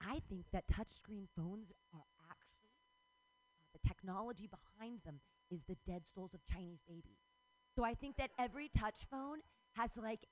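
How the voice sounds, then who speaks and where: A middle-aged woman performing a rambling stand-up comedy set, excitable and swearing freely. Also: mid-range voice, rough recording.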